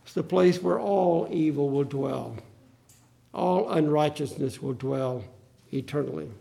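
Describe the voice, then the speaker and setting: A man's voice: on the high side, unhurried, gravelly, warm tone. A male pastor preaching a sermon, acting out the Bible quotes with drama.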